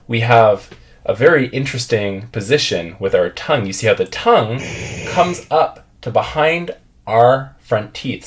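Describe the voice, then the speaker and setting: A man teaching English pronunciation, patiently drilling words and having learners repeat after him. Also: medium pitch.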